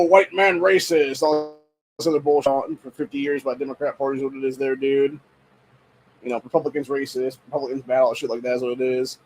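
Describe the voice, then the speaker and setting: A man's voice: on the high side, a little mellow, slight background noise, rough recording. A man hosting a podcast, giving rambling, profane political commentary in a dismissive, ranting tone, full of filler phrases. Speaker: podcast host.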